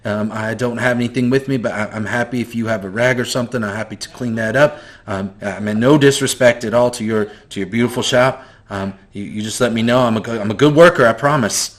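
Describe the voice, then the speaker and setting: A man voicing a frightened, timid young man who apologizes in a rushed, hushed voice. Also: mid-range voice, natural voice. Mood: nervous.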